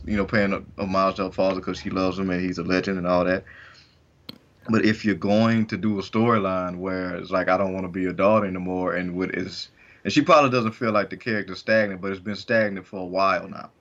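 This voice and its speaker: A man's voice: fairly low pitch, a bit bright. A man co-hosting a wrestling podcast in casual chat, rambling and restarting often as he works through his points. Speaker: podcast co-host. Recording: dull lo-fi recording.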